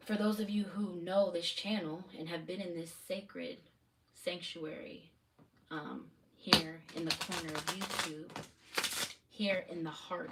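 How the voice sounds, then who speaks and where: Woman tarot reader, rambling and spiritual, low-ish voice, recorded from a distance at home. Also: a bit bright. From United States, Maryland area. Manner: rambling, spiritual, addresses viewers directly. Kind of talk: live tarot reading chat. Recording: distant mic with faint noise.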